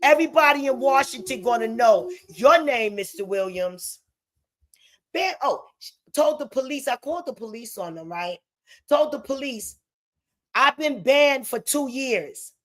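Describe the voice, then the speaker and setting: High-voiced, heated New woman ranting. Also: animated, normal speed. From United States. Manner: heated, profane, breaks into shouting. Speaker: vlogger. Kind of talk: angry direct-to-camera rant. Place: home in the Bronx.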